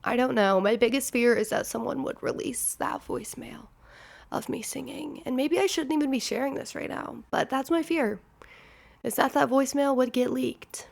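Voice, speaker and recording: A woman's voice: high voice, normal speed, vocal fry. A woman from Nebraska with a Midwestern accent, hosting a podcast and telling candid, rambling stories in casual chat. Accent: Midwestern American. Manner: rambling, candid storytelling with frequent "like". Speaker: podcast host.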